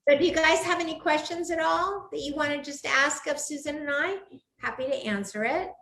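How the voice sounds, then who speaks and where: A woman's voice: sits high, brisk, a bit bright. A woman hosting a live cooking show from her home kitchen, chatting with enthusiasm and gushing over the food. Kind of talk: live cooking demo chat. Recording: echoey room.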